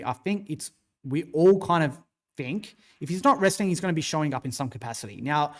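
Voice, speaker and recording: An Australian man with a slightly higher-than-usual voice hosts a casual wrestling livestream. He rambles through his opinions and answers chat comments, swearing freely as he goes. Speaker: wrestling show host.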